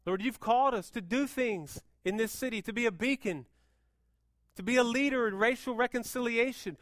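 A man preaching a sermon as pastor, moving between hushed, intense passages and loud, fervent appeals. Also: extremely high pitch, normal speed, dry recording, studio quality.

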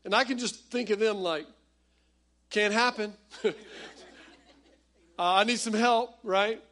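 A pastor preaching a conversational, animated sermon that speaks straight to his congregation. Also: sits high, a little slow.

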